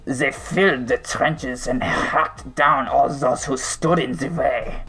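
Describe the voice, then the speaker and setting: A haunted German soldier recalling the trenches, as a man reads him out in a put-on German accent. He speaks slowly and gravely, and his voice sits at an ordinary pitch, with faint music underneath. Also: poor audio. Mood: dread. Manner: slow, halting dramatic reading. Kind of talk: reading a creepypasta aloud.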